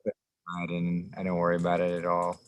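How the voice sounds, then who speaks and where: A man in relaxed casual conversation, speaking in an easygoing way with fillers, outdoors in a forest. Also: deep voice, fast, clean tone, low-quality recording. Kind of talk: casual chat.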